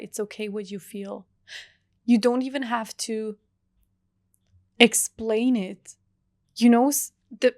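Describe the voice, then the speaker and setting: Young female podcast host, earnest and unhurried, dry close sound. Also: on the high side, no echo. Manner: soft, earnest, heartfelt, with drawn-out pauses. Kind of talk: reflective solo podcast monologue.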